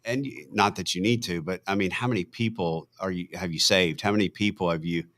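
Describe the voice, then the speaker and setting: This middle-aged man has a somewhat low voice. He hosts the podcast and tells stories conversationally, acting out each quote with animated energy. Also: a little fast. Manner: animated storyteller, laughs readily, acts out quotes. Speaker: podcast host. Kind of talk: conversational storytelling.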